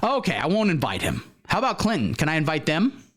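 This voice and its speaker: Man doing a sleazy laid-back bro financier, slangy, a bit high, comedy sketch. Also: wildly swooping pitch, fast.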